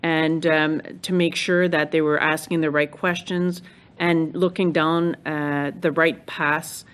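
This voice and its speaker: A woman answering questions at a formal hearing, speaking in a measured, thoughtful way with frequent hesitations. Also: sits low, little pitch movement, fairly bright tone, smooth. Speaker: judicial nominee answering questions.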